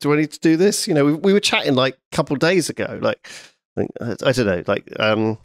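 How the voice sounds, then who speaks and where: A man's voice: on the high side, big pitch swings, fast, dry recording. Man, podcast host, rambling and hesitant, dry close sound. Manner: hesitant, rambling, full of "like" and "you know". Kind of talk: casual chat.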